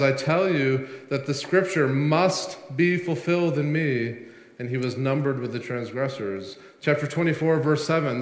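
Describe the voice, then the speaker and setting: A man delivering a sermon, leaning hard on key words and drawing them out as he builds. His voice sits at an ordinary middle pitch. It rings out through a roomy sanctuary with a long reverb tail. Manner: emphatic preaching, slowing and swelling on key words. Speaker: pastor.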